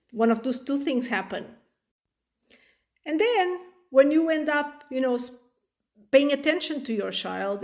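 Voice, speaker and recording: Young female parenting coach, fairly high voice, casual and chatty, social media piece to camera. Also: a little mellow. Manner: chatty, many fillers, acts out voices of child and parent.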